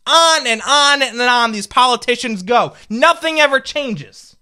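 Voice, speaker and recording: Young american guy ranting about politics, fired up and indignant, bright sharp voice. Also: extremely high pitch, lively intonation, moderate pace, hardly any pauses. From United States. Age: 20s. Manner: fired-up, indignant, rhetorical questions. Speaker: political commentator. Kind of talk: opinion rant to camera.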